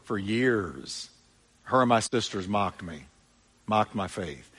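A man's voice: on the low side, lively intonation, slow pace, a bit bright, husky. A man pastor preaching a sermon, telling a story in an emphatic way.

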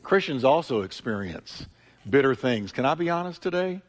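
A male pastor preaching a sermon with emphatic, repetitive delivery, swinging between loud peaks and quieter asides. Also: medium pitch, big pitch swings, normal speed. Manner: emphatic preaching, repeating phrases with rising and falling intensity. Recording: long church hall reverb.

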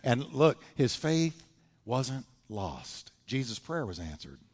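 A man's voice: medium pitch, sing-song, slow pace. A man preaching a sermon in a church, dramatic and emphatic, retelling scripture stories. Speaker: pastor. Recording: long church hall reverb.

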